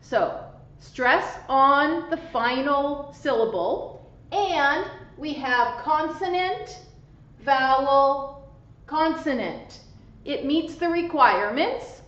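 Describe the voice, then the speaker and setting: A woman English teacher giving a slow, deliberate grammar lesson, spelling out letters and stressing syllables carefully. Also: high-pitched, expressive, fairly bright tone. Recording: echoey room, dull lo-fi sound.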